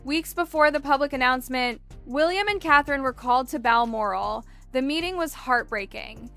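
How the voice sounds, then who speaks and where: A woman telling a dramatized story in a measured, dramatic scripted narration. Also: high voice, fairly bright tone, clear, resonant tone, faint music behind.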